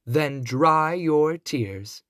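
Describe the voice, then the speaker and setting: Man putting on a little old fairy godmother, raised voice, gentle but firm, slow storybook telling, dry sound. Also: lively intonation, no room sound, exaggerated voice. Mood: reassuring. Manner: gentle, commanding, higher and brighter than his narration.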